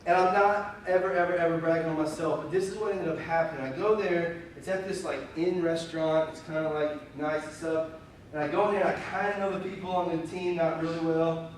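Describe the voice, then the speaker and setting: Candid young pastor in an echoey church. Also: male voice, a little high, brisk. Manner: candid, animated, self-deprecating, full of fillers. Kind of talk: conversational sermon storytelling. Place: church sanctuary. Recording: very echoey room, voice from far off, faint hiss.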